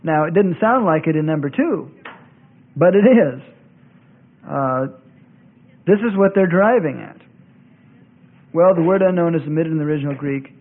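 Bible teacher, male, high voice, insistent and repetitive, narrow phone-like old tape. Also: animated, normal speed, pauses often. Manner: argumentative, repeats points for emphasis. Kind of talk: classroom lecture.

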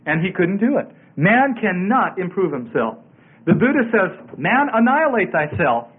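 A man with a high, light voice preaches a sermon, leaning on each phrase and repeating scripture references for emphasis. He comes through a tinny, narrow-band radio broadcast. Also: big pitch swings, measured pace, breathy edge.

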